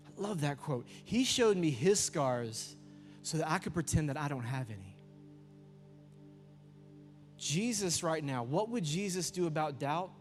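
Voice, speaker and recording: A man preaches to a youth crowd, his voice sitting a little high. He tells stories with animated acted-out voices. The sound carries a long hall reverb with faint music underneath. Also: moderate pace, long pauses. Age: 30s. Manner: lively storytelling, acts out voices. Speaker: youth pastor. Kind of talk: youth sermon. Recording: echoey hall with music behind.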